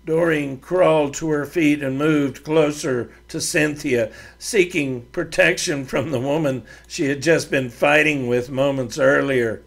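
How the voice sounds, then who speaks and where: A male host reads his western serial aloud in measured storybook narration. His pace is unhurried and his voice has a gravelly texture. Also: on the high side, steady tone. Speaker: podcast host and author reading his serial.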